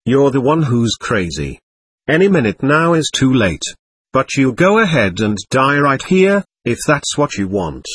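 A man's voice: mid-range voice, very animated, unhurried, a bit bright, slightly rough, no room sound, heavily acted. A man voicing a blunt, battle-hardened veteran soldier in an audiobook reading, giving curt, urgent orders.

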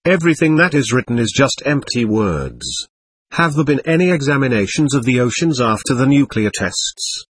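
A man voicing a small, friendly male alien who lectures earnestly in a string of questions, in a husky voice. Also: mid-range voice, huge pitch swings, normal speed, dry recording.

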